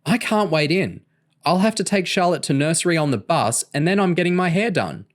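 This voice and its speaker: A man's voice: on the high side, lively intonation, brisk, pitched above the performer's own voice, lightly acted. A man voicing an indignant, cross young mother in a storybook reading. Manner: indignant and sharp.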